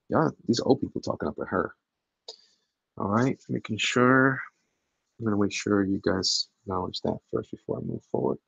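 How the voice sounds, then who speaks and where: Gravelly low-voiced man chatting while drawing. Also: moderate pace, no room sound. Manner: humming and muttering while drawing, joking with viewers. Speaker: artist drawing commissions. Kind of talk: casual drawing stream talk. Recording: dull lo-fi mic.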